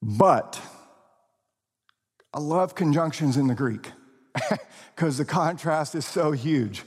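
Male pastor, sermon delivery, slow and emphatic, husky tone, reverberant hall sound. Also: on the high side. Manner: expressive preaching, slow deliberate emphasis, occasional laughs.

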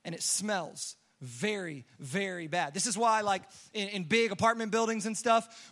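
A young man preaching a sermon, telling a story with lively acted-out quotes and casual fillers. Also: high-pitched. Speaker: pastor.

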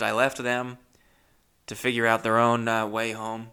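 A young man telling a comic story, animated, swinging from mutters to loud outbursts. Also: mid-range voice, normal speed, clean tone. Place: Los Angeles area.

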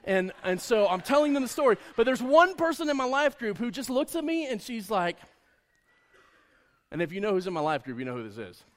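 A man preaching a sermon as a personal story, acting out conversations with lively swings in his voice. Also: sits high, brisk. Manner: animated storyteller, acts out dialogue. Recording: long hall reverb.

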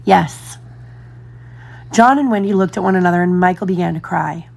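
A woman narrating a children's storybook in a gentle, expressive way. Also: lowish voice, fast, creaky. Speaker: storybook reader.

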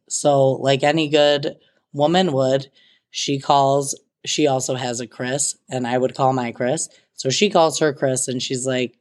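A woman telling a casual storytime monologue in an animated, dramatic way, swearing freely. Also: rumbling low, unhurried.

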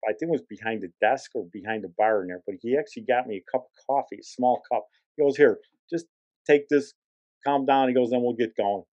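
A man's voice: mid-range voice, brisk, dull audio. A man in his sixties, a podcast host, casually telling an anecdote and acting out the other people's lines. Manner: animated, acts out others' lines.

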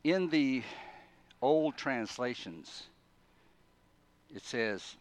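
Man preaching an animated sermon. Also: lowish voice, takes it slowly, long pauses. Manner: animated storytelling, swings between quiet asides and loud emphatic bursts; repeats and restarts words mid-thought. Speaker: pastor.

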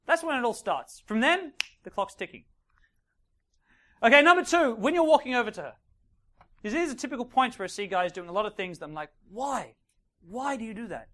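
A man coaching a live audience as a dating coach. He talks in an animated way, acts out little scenes and keeps checking in with "right?" and "okay?". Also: very high-pitched, fairly quick, long pauses. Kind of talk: live seminar talk to an audience.

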